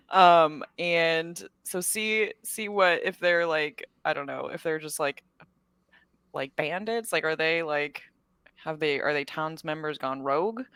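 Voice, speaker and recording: Woman, tabletop player, slow and hesitant, lots of fillers, dry close sound. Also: low-pitched, fairly bright tone, no echo. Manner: hesitant, laughs often, many fillers. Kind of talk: casual tabletop play.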